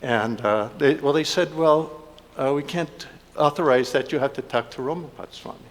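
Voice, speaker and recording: Halting man in a reverberant hall. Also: fairly high pitch. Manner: halting, with many fillers and restarts. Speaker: devotee giving a festival offering. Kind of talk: heartfelt personal speech to a congregation.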